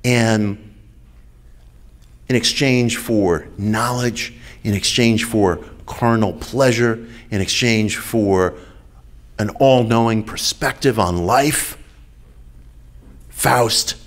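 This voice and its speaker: A man giving a measured public lecture over a video call, slowing down and repeating key phrases for emphasis. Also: fairly low pitch. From United States.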